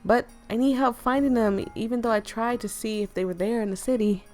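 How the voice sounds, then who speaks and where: A woman's voice: fairly high pitch, fairly even intonation, fairly quick, darkish tone, faint music behind, pitched above the performer's own voice, natural voice. A woman reading the lines of an earnest young heroine in a game, in her own voice.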